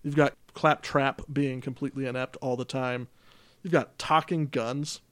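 A man's voice: mid-range voice, steady tone, normal speed, a bit bright, no echo. A man co-hosting a gaming podcast, chatting casually with wry, dry jokes. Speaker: podcast co-host. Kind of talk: casual chat about games.

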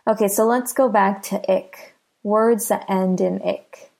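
An American woman teaching English pronunciation, patiently repeating each word slowly and clearly. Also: medium pitch, fairly even intonation, a little mellow. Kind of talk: slow, clear pronunciation lesson.

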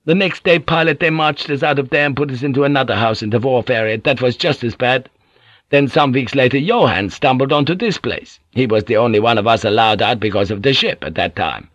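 A man voicing a rough, quarrelsome old sailor in an audiobook, talking coarsely. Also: mid-range voice, brisk, fairly bright tone, no echo, dull audio, lightly acted. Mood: grumbling. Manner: coarse, grumbling.

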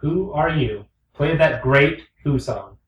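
A man's voice: a little high, animated, slow, recorded from a distance. A man co-hosting a casual podcast, teasing his co-hosts and laughing often. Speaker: podcast co-host. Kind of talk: casual banter. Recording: echoey room, voice a bit off-mic, faint background noise.

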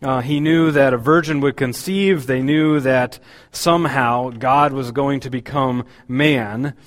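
A man's voice: mid-range voice, steady tone, measured pace, big-room sound. A man preaching a sermon as pastor, talking in a conversational, hesitant way with many fillers.

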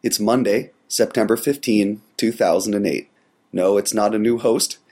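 A man hosting a solo tech podcast with a cold, his voice gravelly, talking in a relaxed, rambling way with many fillers. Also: fairly low pitch, normal speed. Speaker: podcast host. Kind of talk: casual solo podcast monologue.

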